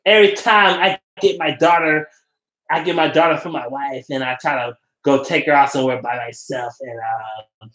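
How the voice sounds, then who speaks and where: A man doing a mocking impression of a slow, smug, rambling male sports radio host. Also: medium pitch, fairly bright tone, lightly acted. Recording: roomy echo.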